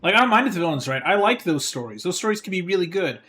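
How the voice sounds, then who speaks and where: A man chatting casually on a live stream while he plays. He rants in an exasperated, profane way, and his voice sits a little higher than most men's. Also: very animated, rapid-fire, pushed and bright. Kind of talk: casual livestream chat while gaming.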